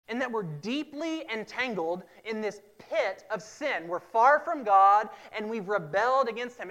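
A man preaching a sermon, emphatic, repeating key phrases and swinging from loud to hushed. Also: sits high. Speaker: pastor.

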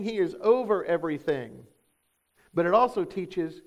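Guy preaching, kinda high voice, punchy, asks the crowd questions, muffled lo-fi recording. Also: animated, moderate pace. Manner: emphatic preaching with rhetorical questions. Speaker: pastor. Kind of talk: sermon.

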